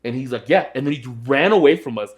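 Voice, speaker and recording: A man's voice: medium pitch, expressive, fast talker. A young man co-hosting a podcast, telling a story in casual chat and acting out his friends' voices. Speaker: podcast co-host.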